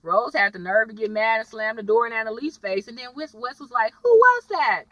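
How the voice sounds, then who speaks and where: A woman's voice: fairly high pitch, expressive, fairly quick, a bit bright, dry recording, distant mic, poor audio. A young woman chatting casually as she recaps a TV episode, slangy and storytelling. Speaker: TV episode reviewer.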